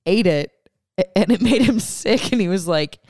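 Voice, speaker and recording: A podcast co-host from the Pacific Northwest recounts strange news items in casual chat. The delivery is wry and deadpan, with jokes tossed in. The recording is dry, with no room sound. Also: mid-range voice, moderate pace, dry recording. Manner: wry, deadpan asides, jokey bits.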